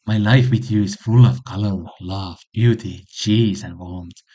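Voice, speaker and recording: A man putting on a lovesick Frenchman with an exaggerated French accent, reciting flowery declarations slowly and breathily. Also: on the low side, fairly even intonation, dark tone, highs cut off. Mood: swooning. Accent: put-on French accent. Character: gushing lovesick Frenchman reciting love letters.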